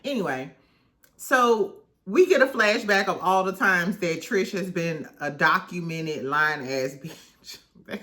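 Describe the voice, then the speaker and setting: Animated bright-voiced woman recapping. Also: lowish voice, takes it slowly. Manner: candid, animated, swears freely, laughs often. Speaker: reality TV recap host. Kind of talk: casual chat.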